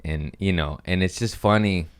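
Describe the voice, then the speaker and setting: A man's voice: sits low, normal speed, clean tone. A man hosting a podcast, telling loose, rambling stories with swearing and laughs in a casual chat. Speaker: podcast host.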